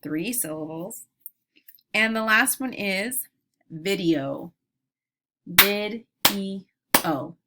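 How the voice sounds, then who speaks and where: A woman teacher leading a phonics lesson for young children, modeling each word slowly and deliberately. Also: medium pitch, expressive, heavy background noise.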